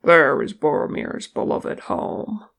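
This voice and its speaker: Woman reading a blunt dwarf man, gravelly and low, slow. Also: very animated, fairly bright tone, exaggerated voice. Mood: gruff. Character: gruff male dwarf warrior, blunt.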